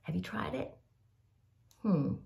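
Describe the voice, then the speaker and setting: A woman's voice: lowish voice, lively intonation, slow, gravelly, mellow, roomy sound. An older woman, chatting casually to camera about products she likes, a bit sniffly from a cold, rambling and calling viewers y'all. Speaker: vlogger sharing favorite products.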